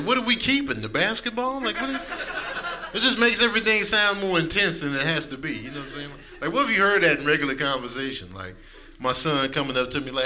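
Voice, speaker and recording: A man's voice: a little high, big pitch swings, fast, pushed and bright. A man in his thirties doing a stand-up comedy set, acting out characters in raised voices.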